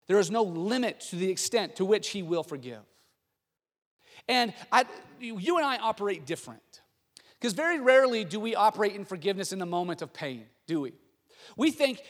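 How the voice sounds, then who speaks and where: Brief: high-pitched male pastor, animated sermon storyteller, long reverb from the church hall. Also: normal speed. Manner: animated storytelling, swinging from hushed to loud.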